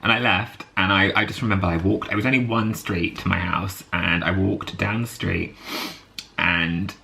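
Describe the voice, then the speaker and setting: A man's voice: sits low, steady tone, moderate pace, gravelly, bright, forceful tone. A British man telling a story to camera in a chatty, rambling vlog, laughing often and full of fillers. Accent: British English. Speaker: vlogger.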